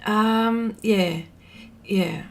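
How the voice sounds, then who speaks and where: A woman's voice: medium pitch, drawn-out words, vocal fry. A middle-aged woman with an Australian accent, chatting casually on a livestream, laughing often and trailing off with fillers. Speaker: artist livestreaming. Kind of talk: casual livestream chat reading comments.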